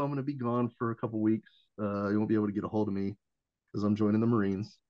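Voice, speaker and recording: A man's voice: fairly low pitch, steady tone, fairly quick, dry recording. A man in his thirties, a Marine veteran and former corpsman, telling a story as a podcast guest in a loose, profane way, acting out the people he quotes and laughing often. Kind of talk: casual storytelling. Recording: dull dry lo-fi sound.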